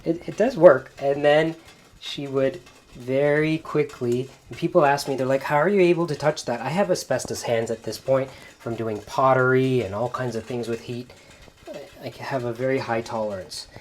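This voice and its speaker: A man hosting a cooking video in a home kitchen, gently narrating each step as he works. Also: mid-range voice, normal speed. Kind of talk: cooking demonstration.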